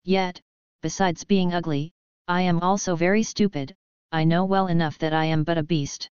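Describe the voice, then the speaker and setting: A gruff, gentle beast in a storybook, sorrowful and awkwardly polite, as a woman reader puts him on. The voice sits low and clear against a dull, lo-fi recording. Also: steady tone, normal speed, dry recording, close to an everyday voice. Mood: melancholy.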